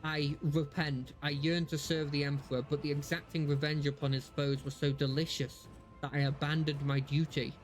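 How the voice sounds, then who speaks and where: A man's voice: a little high, level tone, normal speed, faint music behind, close to an everyday voice. A man reading aloud the lines of a ruthless, cruel woman judge in a game, in a solemn, formal way. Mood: repentant.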